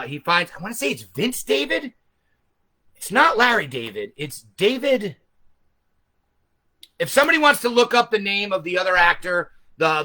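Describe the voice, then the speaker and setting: A man's voice: high-pitched, sharp tone. A man hosting a video, retelling a movie in a casual, rambling, profane way with frequent self-corrections. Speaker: host.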